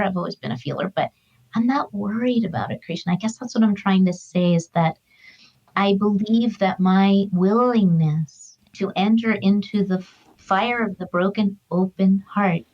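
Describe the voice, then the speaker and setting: A woman's voice: mid-range voice, darkish tone, lo-fi sound. A middle-aged woman, a guest, telling a personal story in an earnest, emotional, reflective way. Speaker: guest, author and grief counselor. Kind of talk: heartfelt conversational storytelling.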